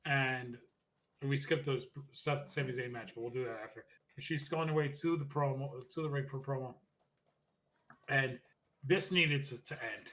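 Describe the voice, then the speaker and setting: Podcast co-host, male, bright forceful voice, rambling casual wrestling recap. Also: medium pitch. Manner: rambling recap, quick asides, mock-quotes wrestlers.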